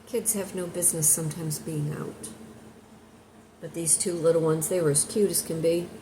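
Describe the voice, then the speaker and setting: A woman with a somewhat low voice chats her way through a meandering story, one tangent leading to the next. Clear noise hangs under the recording the whole time. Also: fairly even intonation, normal speed. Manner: rambling, chatty storyteller. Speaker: content creator. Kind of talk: casual storytelling vlog. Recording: noisy background hiss.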